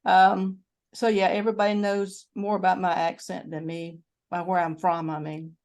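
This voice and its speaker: A woman's voice: lowish voice, flat delivery, moderate pace, a little mellow. Older Southern woman from North Carolina. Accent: North Carolina Southern American. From North Carolina, USA. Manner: rambling, with many fillers and restarts. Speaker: channel host. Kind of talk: casual video-call chat.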